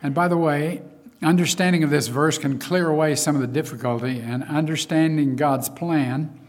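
A man's voice: fairly high pitch, steady tone, moderate pace. A man preaching a sermon in a conversational way, with frequent asides and fillers.

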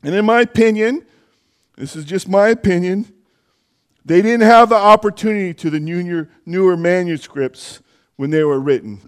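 A man with a high-pitched voice preaches a sermon in church. He keeps it conversational, with asides and self-corrections as he goes. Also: moderate pace, smooth.

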